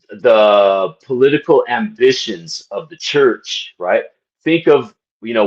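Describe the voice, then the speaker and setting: Slow, emphatic man, muffled recording. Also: mid-range voice. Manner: emphatic, repetitive, rhetorical questions, frequent "right?"; mock-preacher address to viewers. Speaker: channel host discussing a book. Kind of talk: casual commentary to camera.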